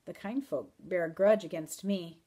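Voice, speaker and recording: A woman's voice: on the low side, moderate pace, dark tone, lightly acted. A woman reading a wry, mysterious wanderer. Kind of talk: audiobook reading.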